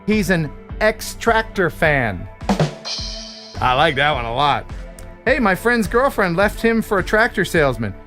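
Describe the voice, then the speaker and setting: Casting note: American male host, high and lively voice, punning banter. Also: normal speed, over music. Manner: animated, punning, jokey delivery. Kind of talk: live stream chat with jokes and sponsor reads.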